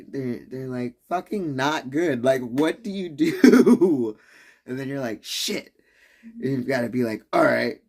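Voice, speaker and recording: A man's voice: mid-range voice, a little mellow. A man ranting casually on a live stream, rambling and swearing, with frequent laughs. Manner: rambling, profane, laughs often. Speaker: livestreamer.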